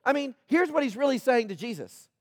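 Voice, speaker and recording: A male pastor with a high voice preaches a sermon. He asks the congregation questions and acts out the people in the story. The sound is close and dry. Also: lively intonation, a little fast, darkish tone, no room sound.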